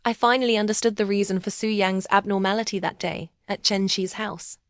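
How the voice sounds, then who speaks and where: Dry, calm female story narrator. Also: medium pitch, brisk, no echo. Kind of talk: first-person scripted narration of a romance story.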